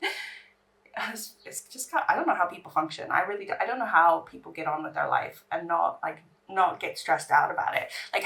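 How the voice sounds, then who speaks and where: A woman's voice: medium pitch, a bit bright. Chatty woman, slightly distant mic. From England. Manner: chatty, rambling, restarts sentences. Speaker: beauty vlogger. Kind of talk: casual chat while doing makeup.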